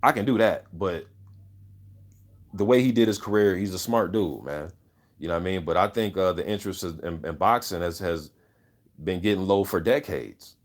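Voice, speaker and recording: A man with a fairly low voice hosts an unscripted boxing talk, riffing on viewer comments. He speaks in a loose, profane, opinionated way. He keeps checking in with "you know what I'm saying". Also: normal speed. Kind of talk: casual unscripted chat.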